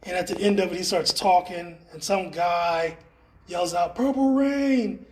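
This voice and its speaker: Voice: medium pitch, level tone, moderate pace, a little hiss or hum. Enthusiastic gallery guide, casual walking-tour chatter, indoor exhibit. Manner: enthusiastic, chatty, playful exclamations.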